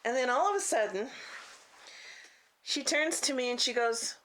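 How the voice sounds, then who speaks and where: A woman vlogger telling a personal story in a casual, halting way, full of restarts and "you know", on a clip-on mic. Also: high voice, lively intonation, a bit bright. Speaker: faith vlogger. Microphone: clip-on mic she keeps bumping.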